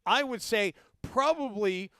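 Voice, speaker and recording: A man hosts a daily sports talk show in a high, smooth, clear voice. He rambles through stories and teases his guest with playful questions. The studio sound is close and dry. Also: animated, measured pace, bright, forceful tone, no room sound.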